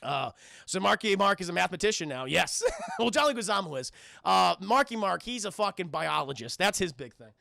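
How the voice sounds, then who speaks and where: A male streamer with a high, bright voice and a gravelly edge. He rambles through a film recap, swearing often and talking to his chat with a very lively pitch. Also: brisk, dry recording. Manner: profane, rambling, addresses chat constantly.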